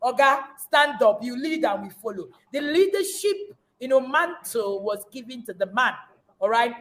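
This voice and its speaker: A woman's voice: a little high, lively intonation, normal speed. A woman hosting a parenting podcast, who speaks in a passionate, sermon-like way with sudden emphatic bursts. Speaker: podcast host.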